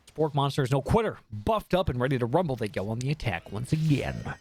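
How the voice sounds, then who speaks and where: A man's voice: mid-range voice, quick pace, few pauses, faint music behind. A man streaming a dating game, reading the text aloud with jokey, swearing commentary. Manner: animated, jokey, swears freely.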